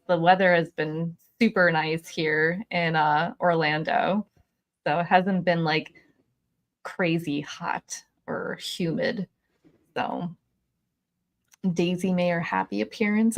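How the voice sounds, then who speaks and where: A woman's voice: fairly low pitch, slow. A woman hosting a casual livestream from home, chatty and giggly, often laughing as she talks. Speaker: livestream host.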